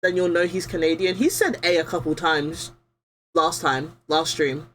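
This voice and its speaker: A woman's voice: low voice, fairly even intonation, normal speed, a little hiss or hum. Chatty young woman streaming a game. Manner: chatty, blunt, laughs often. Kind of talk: casual gameplay commentary.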